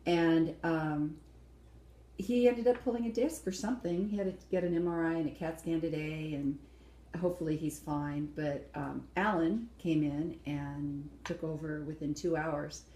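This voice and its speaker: Woman co-host, blunt and opinionated; low, mellow voice; echoey room. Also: fairly even intonation, normal speed. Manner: opinionated, blunt, acts out quotes. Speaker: co-host reviewing a dance show. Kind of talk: casual chat review.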